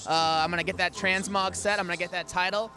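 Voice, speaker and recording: A man with a high, bright voice talks fast as he co-hosts an outdoor event stream. He sounds enthusiastic and pumped, rattling off plans and jokes. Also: little pitch movement. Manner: enthusiastic, hyped. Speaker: stream co-host. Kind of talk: casual pre-show banter.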